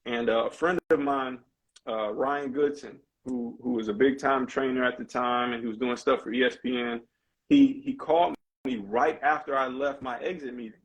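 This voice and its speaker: A man's voice: medium pitch, steady tone, normal speed, low-quality recording. A man, a basketball coach and former player, telling his story candidly and animatedly as a podcast guest, with casual slang. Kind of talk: conversational storytelling in a podcast interview.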